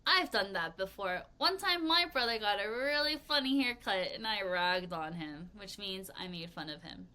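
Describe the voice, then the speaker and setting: A woman English teacher presenting a vocabulary lesson video, playful and expressive, leading students in repeating words after her. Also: medium pitch, normal speed, hardly any pauses. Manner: playful, expressive, leads choral repetition.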